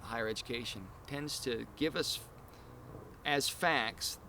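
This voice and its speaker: A man's voice: medium pitch, takes it slowly. Earnest rambling man, street noise. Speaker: podcast host. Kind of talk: casual chat.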